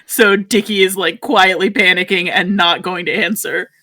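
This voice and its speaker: A woman's voice: on the low side, steady tone, normal speed, bright, forceful tone. A woman playing a tabletop game, hesitant and apologetic, with lots of fillers. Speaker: player. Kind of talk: casual tabletop role-play.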